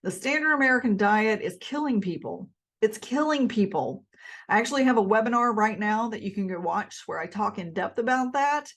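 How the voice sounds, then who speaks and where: A woman's voice: a little high, lively intonation, normal speed, fairly bright tone. A middle-aged woman with a Southern accent, chatting to camera in an emphatic, repetitive way about food. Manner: chatty, emphatic, with restarts and repeats. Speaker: health vlogger. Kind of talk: casual talk to camera.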